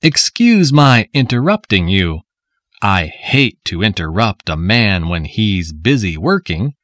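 A sarcastic policeman with mock courtesy in every word, as a man reads him in a lesson recording. His voice sits low but rises and falls a lot as he speaks. The delivery is slow and deliberate, and the recording is close and dry. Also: sing-song, fairly bright tone, no room sound, full character voice.

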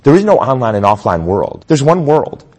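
A male professor and digital forensics expert giving an interview, explaining in a measured, emphatic way. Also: medium pitch, big pitch swings, darkish tone, in a large hall.

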